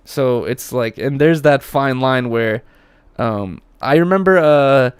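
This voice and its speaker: A man's voice: medium pitch, takes it slowly, smooth, no room sound. A young man hosting a casual podcast, telling rambling stories with lots of fillers and swearing. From Russia. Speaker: podcast host.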